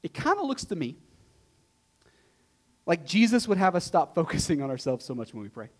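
A man's voice: a little high, very animated, brisk. A male pastor preaching a sermon in a conversational way, tossing out rhetorical questions and repeating key points for emphasis. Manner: emphatic repetition.

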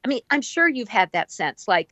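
A woman's voice: on the high side, normal speed, no echo. A woman guest speaking in a casual interview, telling stories animatedly and acting out the voices of people she quotes. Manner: animated storyteller who acts out quoted voices and laughs often. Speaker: guest, empathic healer.

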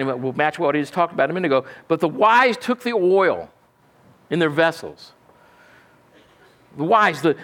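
A man's voice: high voice, a bit bright. A male pastor, preaching a folksy, emphatic sermon and asking "amen?" often.

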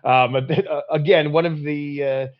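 A man's voice: a little high, steady tone, normal speed. A young man, a theater writer and director, speaking hesitantly and thoughtfully in an interview. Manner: hesitant, many fillers and restarts, thoughtful. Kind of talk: casual interview chat. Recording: dull lo-fi audio.

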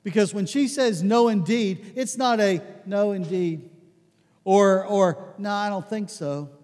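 A man preaching a conversational sermon, telling stories with lots of restarts and animated asides. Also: high-pitched, a little slow, big-room sound. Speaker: pastor.

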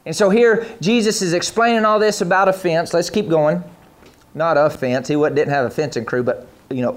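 A man with a notably high voice delivers a sermon to a church congregation. He reads scripture passages aloud and speaks directly to the people in the sanctuary. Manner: preaching to a live congregation, reading scripture aloud. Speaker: pastor.

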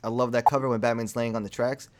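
A man telling a story in casual chat, animated and profane, acting out what people said. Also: mid-range voice, fast talker, a little hiss or hum. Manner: animated, profane, acts out quotes.

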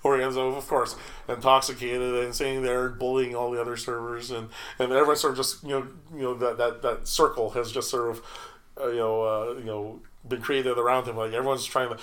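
A middle-aged man telling stories from his restaurant job in an easygoing chat. He speaks in a middle pitch and keeps stumbling over repeated words and fresh starts. He breaks into laughter now and then. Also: level tone, a little fast, fairly bright tone. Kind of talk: casual storytelling chat.

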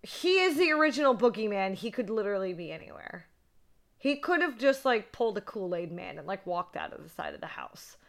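A woman co-hosting a horror podcast, recapping a movie in casual, excitable chat, swearing freely and saying "like" a lot. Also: medium pitch, a little fast, vocal fry.

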